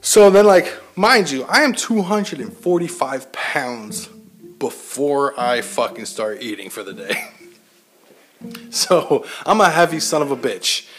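A man's voice: mid-range voice, lively intonation, a little slow, a bit bright, soft background music. A man telling a personal story in a casual, heavily profane, self-mocking monologue to his listeners. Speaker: military veteran host.

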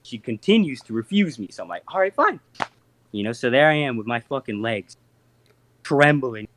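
Animated young man telling a story. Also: medium pitch, a little fast, slight background noise. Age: 20s. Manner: profane, animated, acts out voices in his stories. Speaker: podcast host. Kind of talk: casual storytelling.

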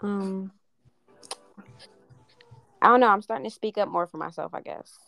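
A woman chatting on a podcast, relaxed and a little hesitant. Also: mid-range voice, moderate pace, creaky, faint music behind. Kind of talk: casual chat.

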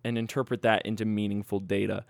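A man's voice: lowish voice, flat delivery, quick pace, vocal fry, dry recording, studio quality. A man co-hosting a casual comedy podcast, rambling through jokey ideas and laughing often. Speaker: podcast co-host.

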